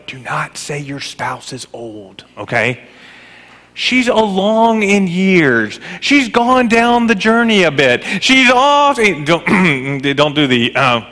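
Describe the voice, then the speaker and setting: A pastor preaching a sermon in a conversational, animated way with jokes. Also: male voice, sits high, normal speed, big-room sound.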